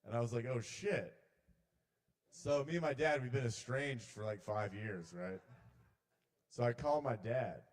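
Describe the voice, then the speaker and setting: A man's voice: a little slow, long pauses. A man doing a rambling, swearing stand-up set at an open mic in a small bar. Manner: rambling, swearing, shouts the intrusive voices loud and high. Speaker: comedian.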